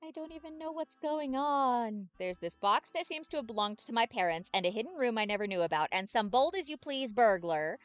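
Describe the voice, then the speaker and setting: A woman reading the lines of a spirited young heroine in a game, in a brisk, sharp manner. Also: on the high side, animated, clean tone, dry recording, lightly acted.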